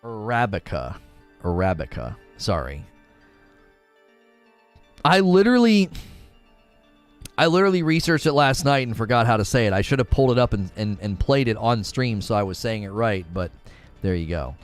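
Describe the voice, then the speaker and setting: A man's voice: medium pitch, animated, normal speed, pauses often, soft background music. A man live-streaming, chatting casually and reading viewer comments as he rambles with frequent restarts. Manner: rambling, reads chat aloud, many restarts.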